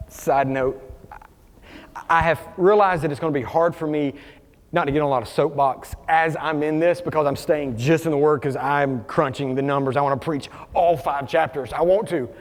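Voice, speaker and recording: A man preaching a sermon as pastor, animated, acting out quoted voices as he goes. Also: fairly high pitch, normal speed, long reverb tail. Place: church sanctuary.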